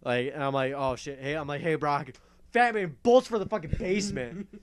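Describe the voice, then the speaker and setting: A young man hosting a casual talk show, telling a story in an animated way, laughing and swearing often. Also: a little high, normal speed, slight background noise. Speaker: podcast host.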